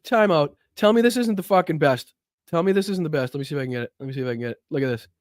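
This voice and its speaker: Man, livestream host, fired-up and cussing, slightly high voice, dry close sound. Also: expressive, rapid-fire, no echo. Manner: heated, profane, mocking. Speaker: political talk show host. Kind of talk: livestream reaction commentary.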